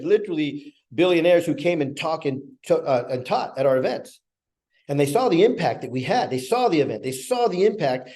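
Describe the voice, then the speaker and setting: A middle-aged man giving a motivational talk, telling stories with lively acted-out quotes as an event organizer. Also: a little high. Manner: energetic storytelling, acts out quoted dialogue.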